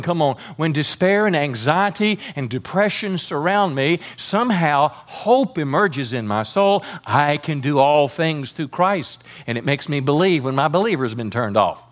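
A man preaching a sermon as pastor, fervent and calling on the congregation to respond. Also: a little high.

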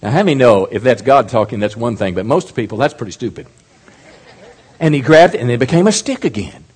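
A middle-aged male pastor preaching a sermon in a lively way, often asking the congregation questions. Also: medium pitch, a little fast, breathy edge.

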